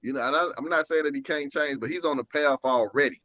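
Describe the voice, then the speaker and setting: Bright-voiced man in casual podcast chat. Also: on the high side, quick pace, no room sound, dull audio. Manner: laid-back, storytelling, frequent asides. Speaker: gym teacher at a school.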